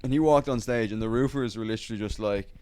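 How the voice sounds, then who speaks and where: A man, a comedian and podcast host, telling a rowdy gig story in casual chat, swearing often and acting out shouting hecklers. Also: lowish voice, fast, clear, resonant tone. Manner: swears freely, acts out hecklers.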